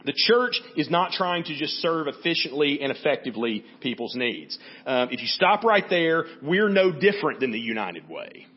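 Husky pastor preaching in a lively, conversational way. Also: male voice, fairly high pitch, normal speed, hardly any pauses, highs cut off. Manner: conversational, frequent "right?" asides. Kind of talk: sermon.

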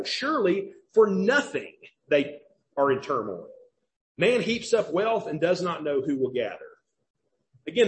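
A man with a Southern US accent preaching a sermon as pastor, emphatic and questioning, repeating key phrases. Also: high voice.

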